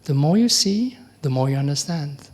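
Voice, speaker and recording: A middle-aged man, a monk giving a conversational dharma talk, often asking the audience questions and acting out quoted exchanges. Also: normal speed. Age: middle-aged or older. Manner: acts out quoted exchanges with lively pitch jumps. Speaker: Buddhist monk teacher.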